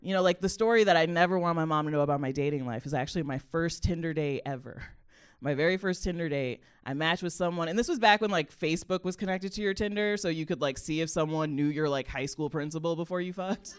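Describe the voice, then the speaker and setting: A young adult woman comedian telling a personal story in a chatty, animated way, laughing often and using a lot of "like" fillers. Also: deep voice, quick pace, clear, resonant tone.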